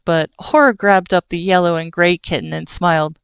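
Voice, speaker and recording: A woman reading an audiobook in a steady storytelling manner. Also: lowish voice, normal speed, vocal fry, hardly any pauses, clean tone, dry recording. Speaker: audiobook narrator. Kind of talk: scripted audiobook narration.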